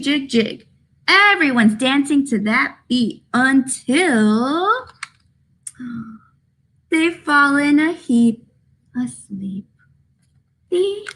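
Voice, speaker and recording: A young woman leads a children's story time, reading in a sing-song voice and doing animal noises. Her voice is high and bright, swinging widely in pitch, and she takes her time. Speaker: children's librarian. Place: library room.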